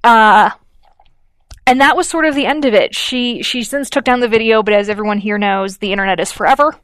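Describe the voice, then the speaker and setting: A woman's voice: fairly high pitch, fairly quick, a bit bright, no room sound. Chatty woman with a dry close sound. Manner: chatty, filler-heavy storytelling with acted quotes. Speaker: podcast co-host. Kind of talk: casual chat.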